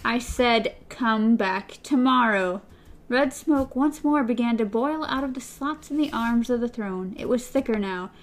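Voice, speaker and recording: A woman co-host reads passages from a novel in a casual podcast. Her voice sits a bit high, and her chat stays relaxed. She moves easily from reading to comment. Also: normal speed, hardly any pauses.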